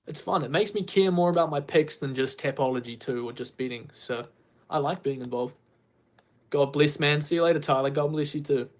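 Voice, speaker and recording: A man chatting casually and relaxed, sounding amused. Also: fairly high pitch, brisk. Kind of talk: casual chat in a played clip.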